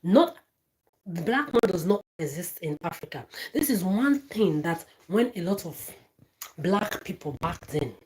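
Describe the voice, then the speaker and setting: Woman, lowish voice, angry profane rant, repeats herself. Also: animated, measured pace, a little mellow, poor audio. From Nigeria. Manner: ranting, profane, repetitive. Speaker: social media ranter. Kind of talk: angry monologue to camera.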